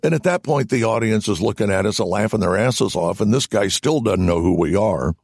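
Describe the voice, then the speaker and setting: A man, a voice actor guest on an interview show, telling stories in an animated, self-deprecating way and laughing along as he goes. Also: on the low side, brisk, dry recording, studio quality. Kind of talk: anecdotal storytelling in conversation.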